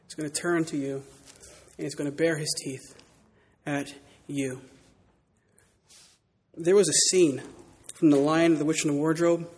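Husky-voiced man preaching a dramatic sermon. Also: a little high, long reverb tail. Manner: dramatic, shifts from loud to hushed. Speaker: pastor. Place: church.

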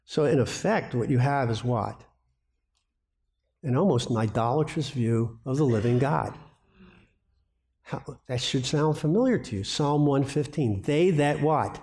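A man's voice: mid-range voice, expressive, moderate pace, darkish tone. A man giving a sermon-style teaching talk, asking the audience questions and answering them himself. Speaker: speaker on biblical counseling.

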